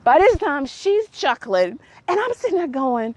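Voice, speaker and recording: A young adult woman hosting a podcast, telling a story casually in an animated, exasperated way and laughing often. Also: high voice, a little slow, no echo. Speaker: podcast host.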